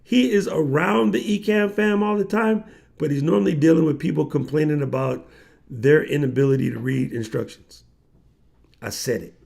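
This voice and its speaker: Gravelly slangy livestream host. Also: male voice, on the high side, normal speed. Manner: animated slangy storyteller, acts out quoted voices. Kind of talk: casual livestream storytelling.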